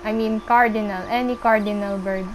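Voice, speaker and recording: A young woman casually commenting on her gameplay, chatting to the animals on screen and squealing when excited. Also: medium pitch, normal speed, slight background noise, poor audio. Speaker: gameplay streamer.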